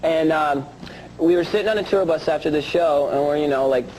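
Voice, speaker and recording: Young rock guy, kinda high voice, animated storyteller, noisy old tv tape. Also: brisk. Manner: animated storyteller, loud impressions. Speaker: band member. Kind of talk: casual chat. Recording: noisy vintage TV recording.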